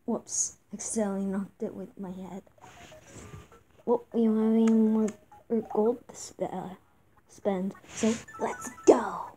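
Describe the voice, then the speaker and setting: Slow-talking woman narrating her gameplay. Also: mid-range voice, rough recording. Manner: reads game text aloud, excited outbursts. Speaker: gameplay video host. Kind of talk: casual let's-play commentary. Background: game music.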